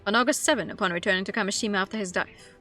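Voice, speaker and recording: A woman's voice: medium pitch, very fast, pushed and bright, faint music behind, close to an everyday voice. A woman reading the lines of a polite, ceremonious announcer figure in a game. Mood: formal. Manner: formal, ceremonious. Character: formal mysterious announcer, polite and grand.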